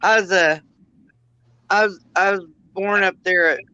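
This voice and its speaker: A man from Long Island who needles his co-hosts with quick, repeated quips. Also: high-pitched, fairly even intonation, bright, forceful tone, clean tone, dry recording, lo-fi sound. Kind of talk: casual banter.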